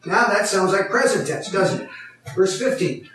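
High-voiced pastor in an echoey hall. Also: male voice, very animated, normal speed, a bit bright. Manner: explanatory, asks the congregation questions. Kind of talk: teaching sermon. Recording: echoey hall, mic far off.

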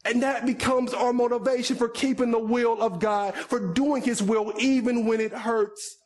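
A man preaching a sermon, his pitch and volume swinging between loud stretches and soft ones. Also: steady tone, normal speed. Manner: preaching with sweeping rises and drops in pitch and volume. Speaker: pastor.

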